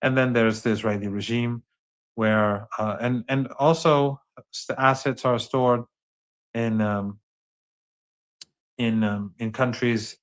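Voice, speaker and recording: A man, a professor speaking as an interview guest, talking in a measured way with frequent restarts. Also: medium pitch, steady tone. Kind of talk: remote interview commentary.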